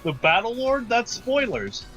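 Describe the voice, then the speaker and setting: A man co-hosting a stream, teasing the other host with slow questions. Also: extremely high pitch, sing-song, fairly bright tone, soft background music, low-quality recording. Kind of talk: casual stream chat.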